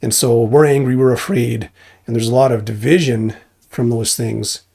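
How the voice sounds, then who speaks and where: A man's voice: medium pitch, fairly even intonation, moderate pace, vocal fry, mellow, husky. A man giving an informal church testimony, earnest and rambling, often restarting his sentences.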